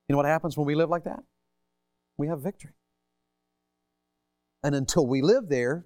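A man's voice: mid-range voice, expressive, normal speed, pauses often, darkish tone, no echo, studio quality. A man preaching a sermon, telling folksy stories and asking the congregation rhetorical questions.

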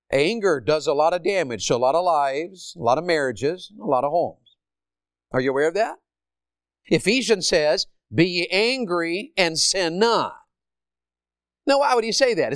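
A man preaching a sermon to a congregation, asking it questions and moving between loud emphatic points and quiet storytelling. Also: a little high, expressive, a little fast, no room sound, studio quality. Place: church or school hall with a congregation.

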